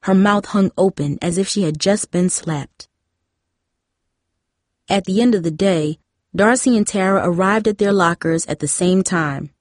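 This audiobook narrator, a woman with a medium-pitched voice, performs scripted narration of a novel at a steady, measured pace. There's no echo, and the studio sound is clean.

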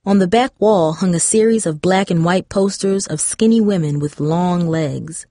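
A woman reading a young-adult novel as audiobook narrator, in steady, even scripted narration on a close mic. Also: fairly low pitch, normal speed, no room sound.

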